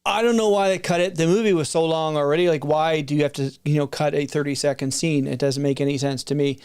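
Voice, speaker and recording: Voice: medium pitch, fairly even intonation, fast talker, a little mellow, clear, resonant tone. A middle-aged video creator chatting casually and unscripted, rambling with frequent restarts and asides. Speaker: video creator reviewing film releases.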